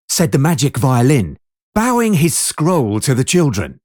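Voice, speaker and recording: A storyteller reading a children's story aloud in an expressive way. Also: mid-range voice, measured pace, no room sound. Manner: lively, expressive.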